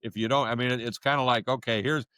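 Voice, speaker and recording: A man's voice: medium pitch, fairly even intonation, very fast, sharp tone, clear, resonant tone, dry recording. A man co-hosting a podcast, talking thoughtfully and restarting sentences as he works through a point. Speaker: podcast co-host. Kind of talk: casual discussion.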